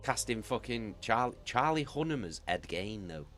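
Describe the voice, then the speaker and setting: A man's voice: lowish voice, very animated, normal speed, a bit bright, faint music behind. A British man chatting casually with viewers as a streamer, rambling and swearing freely. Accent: British English. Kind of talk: casual chat.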